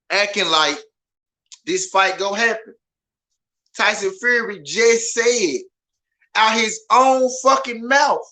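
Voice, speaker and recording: Loud, ranting man with a bright, high voice. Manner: loud, passionate, profane, repetitive. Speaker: boxing podcast host. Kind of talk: animated ranting commentary.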